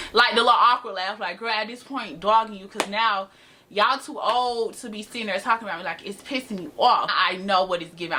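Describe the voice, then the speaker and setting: A woman's voice: medium pitch, pushed and bright. An eighteen-year-old woman telling a dramatic, sassy storytime straight to her viewers, recorded on a camera mic. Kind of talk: casual storytime chat to camera. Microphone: built-in camera mic.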